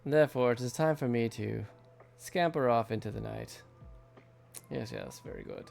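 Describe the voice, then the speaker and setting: The voice is a man's, mid-range, gravelly and a little mellow, at normal speed over soft background music. He is an American artist in his thirties streaming at night from his home studio, drawing while he chats with viewers, rambling and often laughing.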